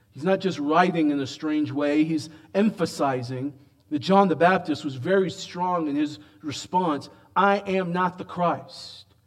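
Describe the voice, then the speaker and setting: Emphatic preacher man, fairly high voice. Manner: emphatic, swings between loud raised lines and quiet low asides; drawn-out slow emphasis on quoted lines. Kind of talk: expository sermon.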